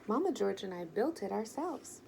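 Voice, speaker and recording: A woman's voice: mid-range voice, moderate pace, vocal fry, slight background noise, low-quality recording. A woman voicing a cheerful, playful young boy in a children's story. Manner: bright, excited.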